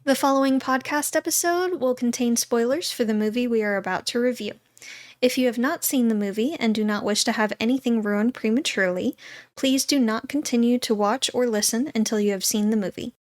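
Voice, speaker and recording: A woman's voice: on the high side, fairly quick. A woman co-hosting a casual podcast, who teases her partner and chimes in with agreement. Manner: teasing, backchannels often. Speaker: podcast co-host.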